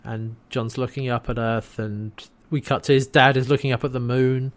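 A man co-hosting a podcast, casually recapping a TV episode and softly quoting the characters' lines. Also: medium pitch, steady tone, moderate pace. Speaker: podcast co-host.

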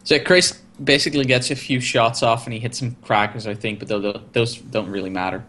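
A man's voice: mid-range voice, steady tone, brisk, pushed and bright, a little hiss or hum. A man co-hosting a casual talk show, adding dry jokes while they recap an episode. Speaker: podcast co-host. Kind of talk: casual chat.

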